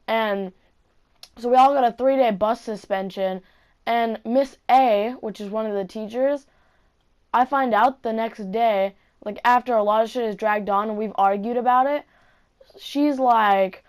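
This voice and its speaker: A woman's voice: fairly high pitch, normal speed. Swearing woman telling a storytime. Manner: heavy swearing, rambling asides. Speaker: vlogger. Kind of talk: casual storytime monologue.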